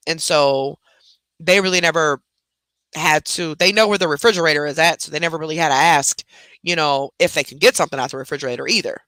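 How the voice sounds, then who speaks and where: A woman talks in a casual, animated storytelling chat. Her voice is bright and forceful and close, with a dry sound and no room echo. She swears freely and lets her words run loose. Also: sits low. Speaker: host telling a family story.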